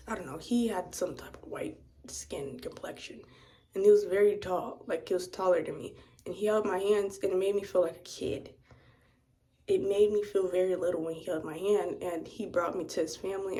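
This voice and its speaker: A young woman telling a rambling personal story in a casual rant, full of "like" and "you know", often dropping to a hushed half-whisper. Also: medium pitch, a little hiss or hum. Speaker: vlogger.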